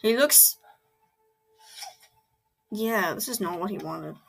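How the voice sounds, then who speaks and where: A woman giving casual reaction commentary, excitable and rambling, full of fillers and exclamations. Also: mid-range voice, slow, gravelly, slightly rough, faint music behind. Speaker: reaction video host.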